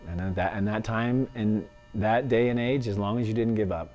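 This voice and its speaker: Low-voiced man telling his story. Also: moderate pace, soft background music. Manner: lively, laughs often, acts out what others said. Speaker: former fighter telling his life story. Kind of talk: storytelling interview.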